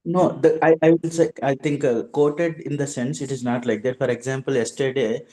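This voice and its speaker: A man's voice: medium pitch, level tone, moderate pace, mellow. A man asking his teacher a question in class, speaking hesitantly and searching for words with many "uh" fillers.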